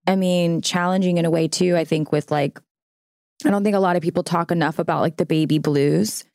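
Earnest new-mom guest, lower-voiced woman. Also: steady tone, brisk, gravelly, darkish tone, no room sound, clean studio sound. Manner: earnest, heavy use of "like", acts out quotes. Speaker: podcast guest. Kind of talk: casual chat.

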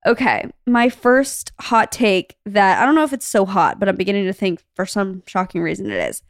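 A young woman from Arizona co-hosting a casual podcast chat, telling stories in an animated way with lots of "like". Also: medium pitch, moderate pace, no echo, clean studio sound. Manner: chatty, animated storytelling with lots of "like". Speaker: podcast co-host.

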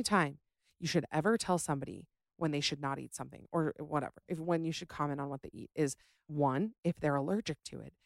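A woman's voice: low-pitched, a little fast, gravelly, no room sound, studio quality. A young adult woman hosting a podcast, chatting casually and ranting with sass about listener stories. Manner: sassy, animated, ranting. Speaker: podcast host.

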